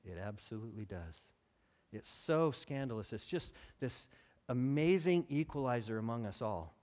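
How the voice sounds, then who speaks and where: A pastor preaching a sermon, acting out quotes and building to near shouts. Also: male voice, medium pitch, moderate pace. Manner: animated, acts out quotes, rises to near shouting.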